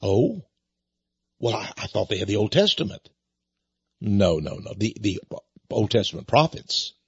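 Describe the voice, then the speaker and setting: A man's voice: on the low side, big pitch swings, a little slow, vocal fry, slightly rough, no echo, dull audio. An older man hosting a talk radio show, rambling in a folksy way with chuckling asides. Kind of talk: talk radio monologue with book pitch.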